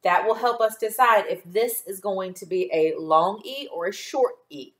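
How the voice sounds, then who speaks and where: A woman teaching a phonics lesson to children, sounding out syllables slowly and carefully. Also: medium pitch, reverberant.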